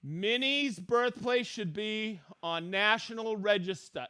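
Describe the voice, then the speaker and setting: Middle-aged male livestream host, bright high voice, unhurried, playful shout-outs. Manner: excited, playful, reading out viewer locations. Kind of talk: live-stream shout-outs to viewers.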